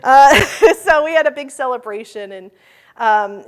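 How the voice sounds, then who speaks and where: A woman's voice: sits high, animated, a little slow, clear, resonant tone. A woman speaking at a conference about the school she founded. She talks in a chatty, heartfelt way, with many fillers and frequent laughter. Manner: heartfelt, emotional in places. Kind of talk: conference talk.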